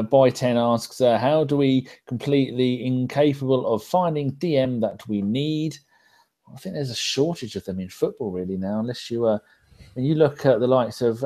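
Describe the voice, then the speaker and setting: Sweary English podcast host reading comments. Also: male voice, medium pitch, mellow. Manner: sweary banter, reads out viewer comments. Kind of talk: casual live podcast chat.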